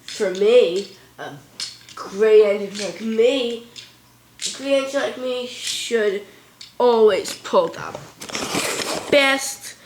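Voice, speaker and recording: A woman voicing a boastful, vain male steam engine from a toy train story, speaking slowly with hesitations. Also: fairly high pitch, reverberant, noisy background.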